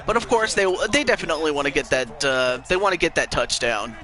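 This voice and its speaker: Bright-voiced man calling plays in a football game. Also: fairly high pitch, sing-song, fast. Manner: calls plays, hesitant fillers. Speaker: co-commentator. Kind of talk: casual play-by-play of a video game.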